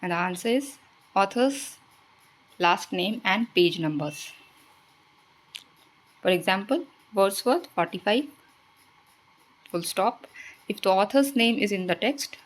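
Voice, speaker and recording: Brief: female exam-prep tutor, steady mid-pitched voice, reads questions then explains the answers. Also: unhurried, long pauses, poor audio. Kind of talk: reading quiz questions and answers.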